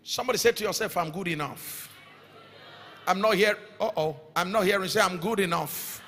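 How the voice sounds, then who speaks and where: Nigerian preacher man with a bright, high voice. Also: brisk, soft background music. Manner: emphatic preaching, rising to shouts, sing-song cadence. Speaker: pastor. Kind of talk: sermon. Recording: reverberant hall sound.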